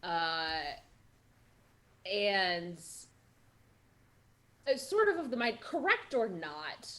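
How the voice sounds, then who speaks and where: A woman's voice: mid-range voice, very animated, extremely slow, a bit bright. A woman playing in a tabletop game, speaking thoughtfully. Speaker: player. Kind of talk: casual tabletop play.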